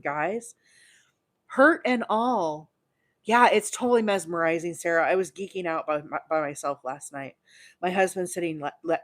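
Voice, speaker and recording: A woman in her forties from Alabama, hosting a casual crochet livestream and chatting with her viewers in a bubbly, excitable way. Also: sits low. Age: 40s. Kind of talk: casual live crochet demo chat.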